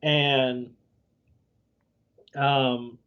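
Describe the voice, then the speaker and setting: A man's voice: mid-range voice, level tone, extremely slow, dull audio. A man co-hosting a podcast, rambling through a casual episode recap with lots of fillers. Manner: rambling, many fillers like um and you know. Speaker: podcast co-host.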